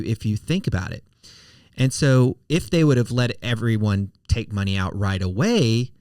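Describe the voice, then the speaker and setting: A man's voice: on the low side, a little mellow, no echo. Folksy man, dry close sound. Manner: conversational, self-correcting, folksy. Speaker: podcast host, financial advisor. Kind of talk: casual explanatory monologue.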